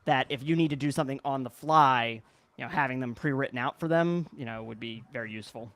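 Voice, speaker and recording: A man's voice: mid-range voice, fast, a bit bright, slight background noise. A man hosting a podcast livestream, explaining things in a rambling way with many fillers. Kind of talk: casual chat on a livestream.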